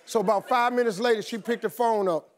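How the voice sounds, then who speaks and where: A middle-aged man, a talk show host, telling a comic story in an animated, laughing way. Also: very high voice, fast. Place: TV studio.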